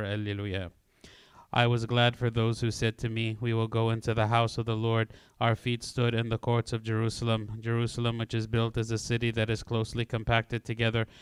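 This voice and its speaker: A man reading psalms and prayers aloud in a measured liturgical recitation, later chanting responses. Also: medium pitch, clear, resonant tone, no echo. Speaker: prayer reader.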